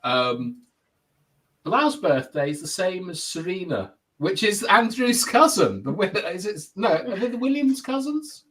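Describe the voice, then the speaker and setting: Lively chatty host. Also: male voice, high-pitched, measured pace, poor audio. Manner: lively, chatty, laughs often. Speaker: podcast host reading viewer comments. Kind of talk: casual live-stream chat.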